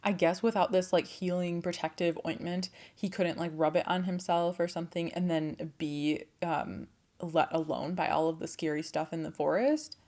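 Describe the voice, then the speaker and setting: A young woman tells an old folktale in a loose, chatty way, dropping swear words and laughing asides into the story. Her voice sits a little low for a woman. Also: fairly even intonation, normal speed, a little mellow. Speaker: storyteller and channel host. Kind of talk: casual storytelling with voiced quotes.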